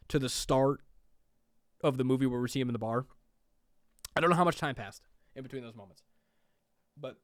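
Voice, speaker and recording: A man's voice: medium pitch, clean tone, no room sound, studio quality. A man casually recapping a movie plot, rambling with lots of "like" and "um". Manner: rambling, fillers like "like" and "um". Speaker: movie reviewer.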